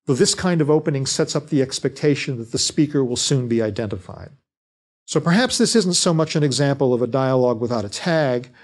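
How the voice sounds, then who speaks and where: A man giving a scripted lecture on fiction writing, speaking in a measured, deliberate way. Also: on the high side, darkish tone.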